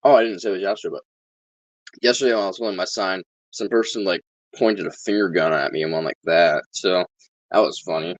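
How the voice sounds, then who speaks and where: Deep-voiced sarcastic man, dry lo-fi. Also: a little fast, no echo. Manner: sarcastic, deadpan, profane. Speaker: vlogger. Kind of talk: casual monologue to camera.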